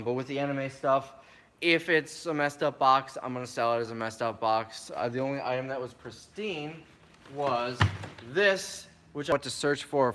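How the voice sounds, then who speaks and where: A man casually answering viewer questions on a live stream, chatty and relaxed, reading each question aloud before he answers. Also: medium pitch, clear, resonant tone.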